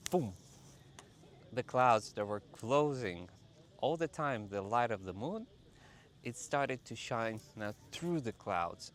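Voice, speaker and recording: Guy w a lowish voice telling a story on his vlog, lots of uh pauses. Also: a bit bright. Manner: halting, many filler pauses. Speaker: vlogger. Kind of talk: personal storytelling.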